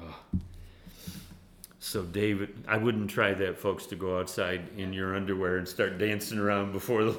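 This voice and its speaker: A man preaching a sermon in an animated way, laughing often and dropping to a hushed tone when he voices prayers. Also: low-pitched, moderate pace, roomy sound. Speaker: pastor. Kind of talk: sermon with Bible study.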